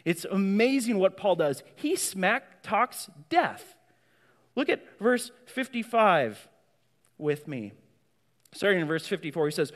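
A man's voice: on the high side, sing-song, moderate pace. A man preaching a sermon as pastor, emphatic and prone to repeating words as he goes. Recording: long hall reverb.

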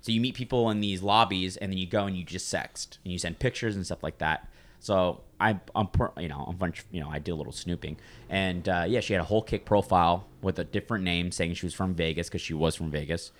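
A young man with a very low, deep voice spins a long personal story in casual chat. He talks loosely and swears freely, wandering through his tale with plenty of "like"s and trailing asides. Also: a little fast. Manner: loose, profane, rambling with many "like"s.

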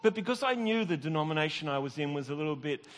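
A middle-aged pastor preaches in a relaxed storytelling way, chuckling at himself and restarting his sentences. His voice sits a little high for a man. The sound carries the long reverb of a large hall. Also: quick pace. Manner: conversational, self-deprecating, with frequent restarts and laughs. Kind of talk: sermon with personal storytelling.

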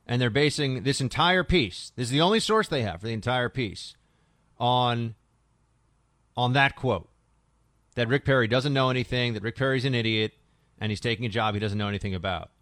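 A male talk radio host with a sarcastic, combative delivery, mocking the press as he reads. His voice sits in a middle pitch and sounds close and dry on a studio microphone. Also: normal speed, fairly bright tone, no echo. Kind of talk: political talk radio commentary.

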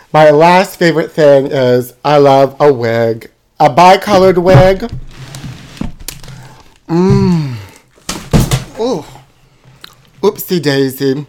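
A man hosting a podcast, delivering a campy comedic monologue and calling his listeners "my trashy". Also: a little high. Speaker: podcast host.

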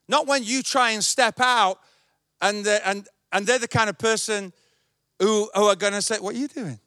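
A man's voice: high voice, fairly bright tone, no echo, studio quality. A male pastor preaching a sermon, emphatic and repetitive.

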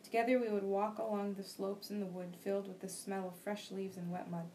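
A young woman reading a novel aloud for a class discussion, steady and plain, with small slips and restarts. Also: medium pitch, a little fast, rough recording. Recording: faint background noise.

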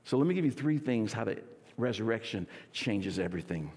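Energetic pastor in a reverberant church. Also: male voice, on the low side, fairly quick, breathy edge. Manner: energetic, leads congregation in call and response. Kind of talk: sermon. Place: church sanctuary.

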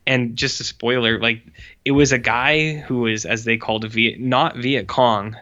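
On a muffled-sounding, dull recording, a male podcast co-host reviews short films in casual, rambling, sarcastic chat full of "like." His mid-range voice stays fairly even and measured, with a pushed, bright tone.

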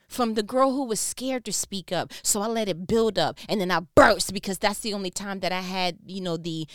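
A woman's voice: mid-range voice, fairly bright tone, no room sound, clean studio sound. A woman from New York telling a casual, emphatic story, acting out other people's voices and laughing between lines. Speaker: storyteller recounting a work conflict.

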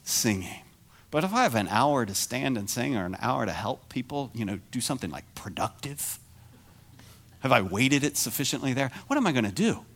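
A middle-aged man preaching a sermon as pastor, animated and self-deprecating, moving from quiet confession to near shouting. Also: mid-range voice, moderate pace.

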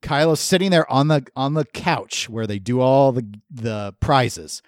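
A man's voice: mid-range voice, measured pace, dry recording, clean studio sound. A man co-hosting a podcast in casual chat, joking and laughing often. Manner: joking, laughs often, acts out silly quotes. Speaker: podcast co-host.

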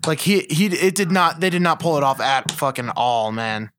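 A man's voice: on the high side, lively intonation, normal speed, fairly bright tone, a little hiss or hum. A man co-hosting a casual movie-review podcast, blunt and sarcastic, swearing freely. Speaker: podcast co-host.

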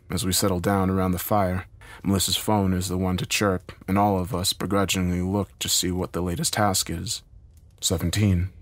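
A man narrating a first-person horror story in a somber, measured storytelling manner. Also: deep voice, no room sound.

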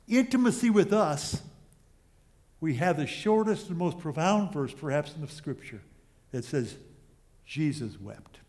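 A man preaching a sermon as a pastor, earnest and pausing often with small restarts. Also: high voice, a little mellow.

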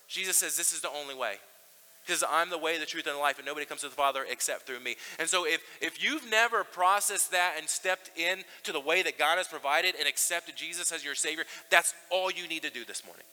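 A man's voice: fairly high pitch, a little fast, sharp tone, long reverb tail, poor audio. A man preaching a sermon to a congregation in a casual, conversational way, with fillers and restarts. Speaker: pastor.

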